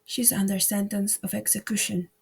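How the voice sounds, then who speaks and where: A woman reading an audiobook, voicing an anxious, timid male rabbit who talks in a hushed, hurried way. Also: mid-range voice, steady tone, gravelly, husky.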